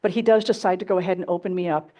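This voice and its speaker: A woman's voice: fairly low pitch, fairly even intonation, very fast, warm tone. A woman giving a symposium talk, telling her own story candidly and dramatically to a live audience. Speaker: keynote speaker. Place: symposium stage before an audience.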